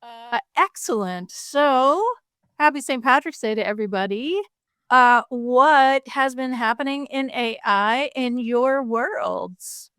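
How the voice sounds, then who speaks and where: A woman's voice: fairly high pitch, slow pace, a bit bright, smooth, no echo, studio quality. A woman hosting a talk show, opening it in an upbeat, easygoing way and laughing easily. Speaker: host. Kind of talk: casual show banter. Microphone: studio mic.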